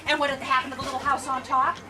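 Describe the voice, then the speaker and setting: A woman storyteller telling a tale to children in an animated way, quizzing the audience as she goes, filmed from afar on an outdoor festival stage. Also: high-pitched, rapid-fire. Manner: animated, asks the audience questions. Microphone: far camera. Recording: distant camera, outdoor crowd noise.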